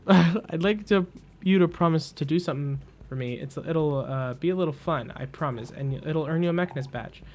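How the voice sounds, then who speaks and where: A man voicing a jittery, nervous young mechanist who stammers and rushes his words. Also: fairly high pitch, natural voice. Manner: stammering, rushed, over-eager.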